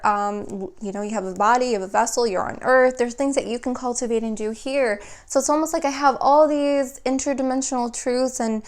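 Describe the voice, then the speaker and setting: Young woman, fairly high voice, tarot reader; talks fast, restarts and loops phrases. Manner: flowing, rapid, repeats and restarts phrases. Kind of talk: spiritual tarot reading.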